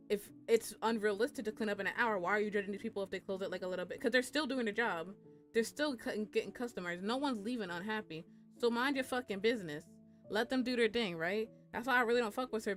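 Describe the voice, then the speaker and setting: A young woman telling a casual, profane storytime about her job while streaming, animated and chatty, jumping into high squeaky voices when she quotes people.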